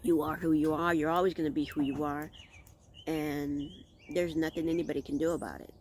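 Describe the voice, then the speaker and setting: Her voice sits low with fairly even intonation and a darkish tone, brisk in pace, with a little hiss or hum present. This middle-aged vlog host speaks outdoors in a candid, reflective, rambling monologue, often restarting her thoughts.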